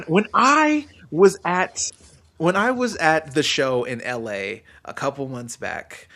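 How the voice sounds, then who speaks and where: A man hosting a podcast in casual chat, excitable, swinging from shouts to hushed tones, with slangy swearing. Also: a little high. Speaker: podcast host.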